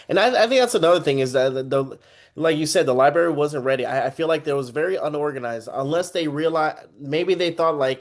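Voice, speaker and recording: A man's voice: mid-range voice, brisk. A young man from Texas telling a story in casual podcast chat, acting out the people he quotes. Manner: animated, acts out quoted voices. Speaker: podcast host.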